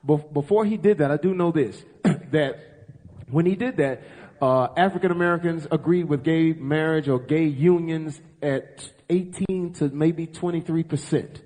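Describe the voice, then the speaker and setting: A man's voice: fairly high pitch, moderate pace, dark tone. A man hosting a live talk show, talking earnestly and rambling with many filler uhs. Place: ballroom stage before a live audience. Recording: echoey ballroom, long reverb.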